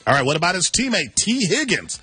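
A man's voice: high voice, big pitch swings, fast, pushed and bright, slightly rough, soft background music. A man hosting a sports talk show, running a playful trade game with his co-host. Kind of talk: radio sports chat game segment.

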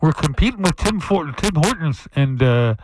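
A man's voice: on the high side, lively intonation, normal speed, close to an everyday voice. A man plays a fumbling airline captain over the intercom, putting on a Canadian accent. He hesitates constantly, stuffing every phrase with uhs. A faint hiss sits behind him. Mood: bumbling. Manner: hesitant, full of uhs, chuckling.

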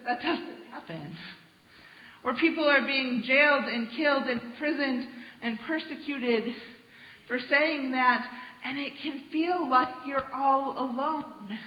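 A woman pastor giving a sermon in a lively, conversational way. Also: high voice, slow pace. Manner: animated, conversational preaching with acted quotes. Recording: echoey hall, dull sound.

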